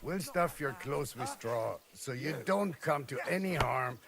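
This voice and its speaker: Castle captain, gravelly, proud, swinging pitch, heavy crowd noise. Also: male voice, expressive, unhurried. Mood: goading. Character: proud middle-aged male castle captain. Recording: game audio with loud crowd.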